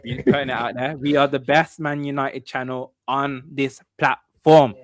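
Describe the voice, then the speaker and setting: A man's voice: medium pitch, level tone, normal speed, dry recording, clean studio sound. Upbeat man hosting a fan podcast. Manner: upbeat, repeats phrases. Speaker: podcast host. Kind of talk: casual football fan chat.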